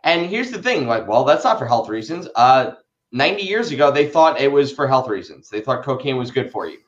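A man's voice: medium pitch, sing-song, a little fast, highs cut off. A man in a casual podcast discussion, riffing with jokes and sarcasm. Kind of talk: casual podcast panel talk.

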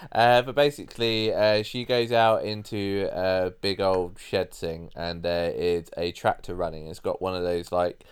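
A man co-hosting a casual film-review podcast. He has a very smooth, clear voice set a little low, and he sounds laid-back, laughs easily and swears casually. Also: fairly even intonation, unhurried. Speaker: podcast co-host.

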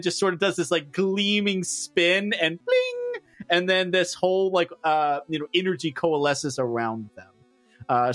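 A man's voice: high voice, a bit bright, no echo. A man running a tabletop game as game master, narrating the action loosely with lots of fillers.

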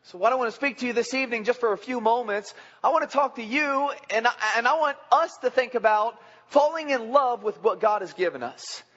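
A man's voice: extremely high pitch, fairly quick, fairly bright tone. A man preaching a sermon in a folksy, joking, conversational way. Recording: dull lo-fi with long hall reverb.

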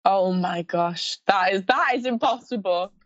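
A woman's voice: medium pitch, a little slow, dry recording, dull audio. A young woman from Scotland with a mild lisp, chatting as a pageant contestant in a casual interview and often restarting her sentences. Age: young adult. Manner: chatty, giggly, lots of restarts.

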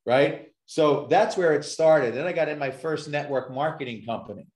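A success coach appears as a podcast guest and tells his story emphatically, repeating points for effect. His fairly high voice is a little mellow at a normal speed, recorded in an echoey room.

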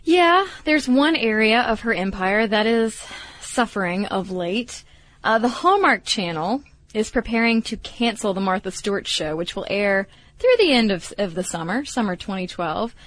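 A woman's voice: medium pitch, expressive, moderate pace, a bit bright, dry recording. A woman co-hosting a podcast in casual chat, playful and teasing with a cynical streak. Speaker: podcast co-host.

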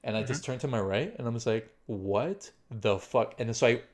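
A young man with a mid-range voice tells a story very fast and casually, rambling with many fillers. He swears freely and acts out his own inner thoughts.

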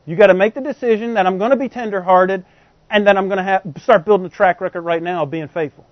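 A man's voice: high voice, fast, no echo. A man preaching a sermon in a conversational way, constantly asking the congregation rhetorical questions. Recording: dull, dry lo-fi recording.

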